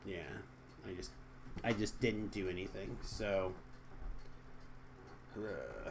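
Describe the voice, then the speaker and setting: A young man chatting casually with viewers on a live game stream, joking and trailing off into quiet asides. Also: sits low, lively intonation, slow pace, pauses often, noisy background.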